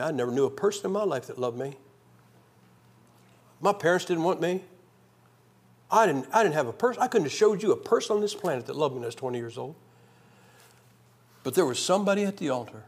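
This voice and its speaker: A man preaching a revival sermon, telling his own testimony in an animated storytelling way that swings from loud to hushed. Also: on the high side, quick pace, pauses often, husky.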